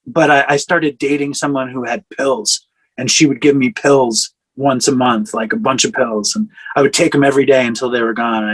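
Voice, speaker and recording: A man's voice: mid-range voice, fairly bright tone, dry recording, low-quality recording. A man in his forties telling a candid personal recovery story over a video call, rambling with fillers and self-corrections. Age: 40s. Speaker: speaker sharing a recovery story.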